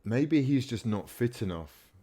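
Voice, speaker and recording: Excitable man shouting at a football match. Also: mid-range voice, measured pace. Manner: animated, swears, shouts at players, then mutters apologies. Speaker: fan channel host. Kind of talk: live fan watchalong commentary.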